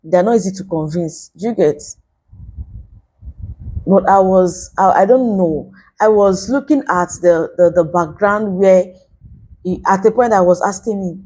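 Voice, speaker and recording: A woman's voice: mid-range voice, normal speed, a little mellow. A young Nigerian woman from Nigeria, earnestly preaching to camera in a casual way and repeating points for emphasis. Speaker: vlogger.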